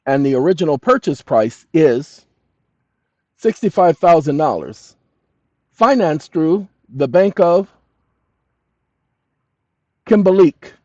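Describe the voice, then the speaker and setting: A fairly high-voiced man lectures his audience with insistent emphasis, slowing down to dictate text word by word. The recording is dry and dull, with a muffled, lo-fi sound. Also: sing-song, no echo. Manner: emphatic, addresses listeners as "ladies and gentlemen"; slow, deliberate dictation of text. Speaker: channel host. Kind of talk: lecturing monologue to viewers.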